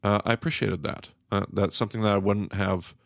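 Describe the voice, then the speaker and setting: Gravelly low-voiced man musing. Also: steady tone, no room sound, clean studio sound. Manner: thoughtful, halting, searching for words. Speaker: podcast co-host. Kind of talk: casual discussion.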